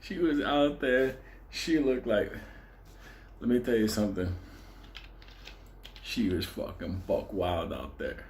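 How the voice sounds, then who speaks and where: A man's voice: fairly low pitch, slow pace, pauses often, a little mellow, slight background noise. A man from Puerto Rico telling a wild club story in a casual, profane, comedic way, laughing often as he goes. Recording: roomy echo with faint ambience.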